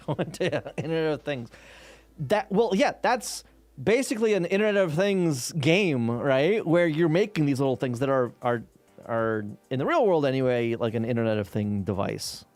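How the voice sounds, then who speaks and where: A man's voice: mid-range voice, lively intonation, moderate pace, a little mellow, dry recording, faint music behind. A man live-streaming while reverse engineering game code, chatting casually and rambling, with frequent swearing, laughter and restarts.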